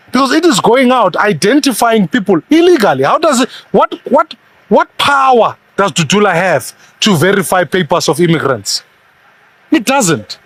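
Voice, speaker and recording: A man's voice: high voice, a bit bright. A man from South Africa arguing his view emphatically in a television panel discussion. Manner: emphatic, argumentative.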